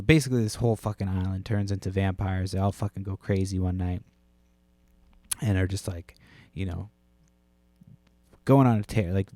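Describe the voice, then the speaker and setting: A man with a deep, dark voice hosts a solo podcast. He rambles through his stories in a casual, profane monologue full of fillers, and his voice sounds dry and close. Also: vocal fry, no echo. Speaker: podcast host.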